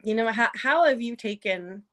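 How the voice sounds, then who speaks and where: A woman's voice: a little high, expressive, normal speed, fairly bright tone. A woman hosting an interview over a video call, asking her guest friendly, prompting questions. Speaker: podcast host.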